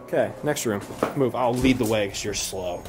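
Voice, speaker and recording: A young man vlogging while exploring an abandoned house, loud, jumpy and swearing, filmed on a handheld camera. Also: on the low side, normal speed, loud music behind the voice. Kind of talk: casual exploring vlog.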